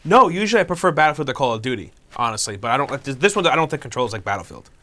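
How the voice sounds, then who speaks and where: A man's voice: mid-range voice, lively intonation, rapid-fire, a bit bright. A man co-hosting a casual gaming stream, talking in a laid-back way that trails off and restarts. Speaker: co-host of a gaming news stream. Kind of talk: casual livestream chat.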